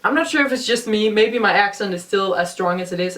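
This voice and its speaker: A woman's voice: mid-range voice, brisk, fairly bright tone, distant mic. A young woman in her twenties with a noticeable accent, chatting casually in a rambling, self-deprecating way with lots of ums. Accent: noticeable non-native accent. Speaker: vlogger. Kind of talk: casual reaction vlog commentary.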